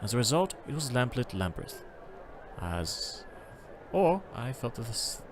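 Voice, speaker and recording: A man streaming a travel game, reading its text aloud and chatting casually, in an animated, self-correcting way. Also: medium pitch, measured pace, a little hiss or hum.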